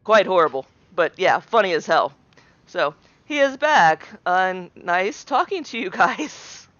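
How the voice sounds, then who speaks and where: Woman, lively storytelling, dry close sound, muffled mic. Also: on the low side, measured pace, dry recording. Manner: animated storyteller, lively quoting. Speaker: streamer's wife. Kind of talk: casual storytelling.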